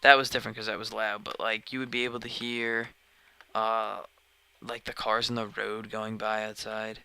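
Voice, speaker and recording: A man's voice: fairly low pitch, level tone, moderate pace, gravelly, bright, forceful tone, smooth, no echo, rough recording. A man live-streaming a game, chatting casually and rambling, often sidetracked mid-sentence, recorded at home on a dedicated microphone. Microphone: dedicated desk microphone.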